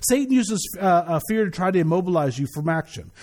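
High-voiced, energetic male preacher. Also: fast talker. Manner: energetic, conversational, repeats words when he restarts. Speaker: pastor. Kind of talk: sermon.

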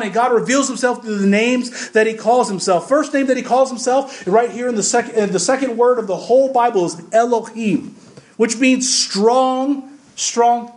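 A pastor preaching a sermon in an emphatic, conversational way, repeating words and asking the congregation questions. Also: male voice, very high-pitched, reverberant. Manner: addresses the congregation directly with questions.

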